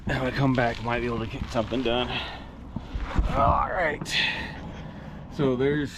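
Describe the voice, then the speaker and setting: Winded and plain-spoken, this vlogger rambles through casual chat as he works on his old truck, often restarting mid-sentence. His mid-range, gravelly voice swoops wildly in pitch and runs a little slow. Background noise can be heard.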